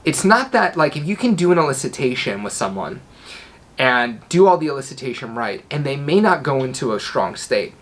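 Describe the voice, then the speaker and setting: A man's voice: mid-range voice, very animated, normal speed, fairly bright tone. A man teaching a class on persuasion. He demonstrates vocal tones, letting his voice drop on each command. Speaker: NLP trainer. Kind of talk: instructional talk to camera.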